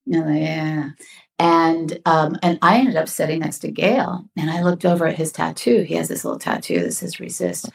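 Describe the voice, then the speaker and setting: A woman guest in an interview, telling stories in a lively way and acting out the voices of people she quotes. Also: fairly low pitch, gravelly. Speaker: actress guest. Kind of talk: storytelling interview chat.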